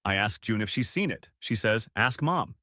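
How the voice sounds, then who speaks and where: A man's voice: lowish voice, expressive, moderate pace, sharp tone, no echo. Guy telling a reddit-style story, casual matter-of-fact, voice moves up and down a lot, dry close sound. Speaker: story narrator. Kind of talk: first-person story narration.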